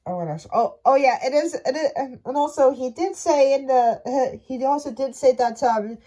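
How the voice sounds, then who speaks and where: Brief: high-pitched woman, fan rant, halting delivery full of restarts. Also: warm tone. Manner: halting, stumbling, many restarts. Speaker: fan commentator. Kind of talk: casual rant to camera.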